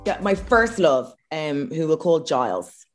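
Animated Irish woman telling a story. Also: low voice, unhurried, faint music behind. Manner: animated, swearing, self-mocking storyteller. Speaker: podcast co-host. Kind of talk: casual storytelling chat.

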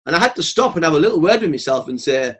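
Outspoken man, podcast guest, slightly high voice, blunt and sweary, animated storyteller. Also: racing, slightly rough. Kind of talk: casual podcast chat.

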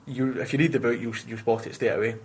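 A man's voice: mid-range voice, fast, slightly rough, rough recording. A young Scottish man, a prison officer, chatting casually in an interview and telling stories with plenty of swearing. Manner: swears freely, animated storytelling.

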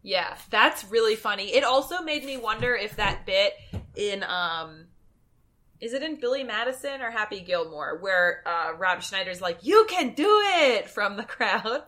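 A woman hosting a podcast in casual chat, an animated and jokey storyteller. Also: medium pitch, a little slow. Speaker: podcast host.

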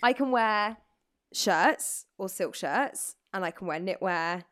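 A woman co-hosting a casual fashion chat, chatty and quick to agree. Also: mid-range voice, animated. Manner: chatty, warm-hearted, lots of agreeing. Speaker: podcast co-host.

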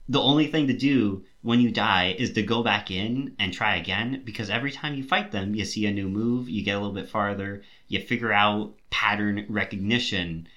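A young man hosts a casual podcast chat. His voice sits low but sounds bright and forward. He rambles with enthusiasm and restarts his sentences often. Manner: enthusiastic rambling, many fillers. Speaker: podcast host.

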